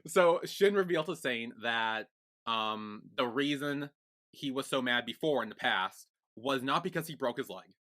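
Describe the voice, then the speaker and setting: A man co-hosting a podcast, recapping a TV series in casual chat, rambling and excitable with lots of fillers. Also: mid-range voice, normal speed. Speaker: podcast co-host.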